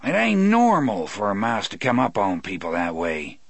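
A man's voice: fairly low pitch, wildly swooping pitch, normal speed, gravelly, dry recording, full character voice. A man doing a nervous young prison guard. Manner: hesitant, uneasy.

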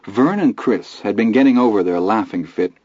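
A man narrating a first-person story in steady storytelling. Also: lowish voice, moderate pace, slightly rough, dry recording. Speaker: audiobook narrator. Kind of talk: scripted narration. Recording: dull dry studio read.

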